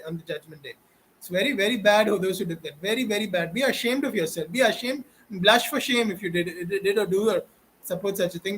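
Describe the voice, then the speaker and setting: High-voiced Indian man preaching earnestly. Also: a bit bright, a little hiss or hum, low-quality recording. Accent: Indian English. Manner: preachy, exhorting, repetitive. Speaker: online educator. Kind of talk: impassioned direct-to-camera talk.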